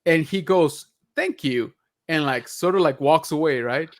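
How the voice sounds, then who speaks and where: A man's voice: on the high side, moderate pace. A man co-hosting a casual podcast review, talking in a rambling way with many fillers and restarts. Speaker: podcast co-host. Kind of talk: casual chat.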